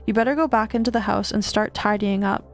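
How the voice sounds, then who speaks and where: A woman reading as a quietly commanding man. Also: medium pitch, quick pace, natural voice. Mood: assured. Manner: quiet but absolute authority. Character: calm, commanding middle-aged man who mastered a demon.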